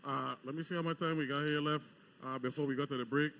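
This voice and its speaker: A man's voice: fairly high pitch, steady tone, fast talker, creaky, fairly bright tone, highs cut off. A man hosting a live morning talk show, chatty and full of restarts as he keeps things moving. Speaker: host. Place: outdoor deck at a live broadcast.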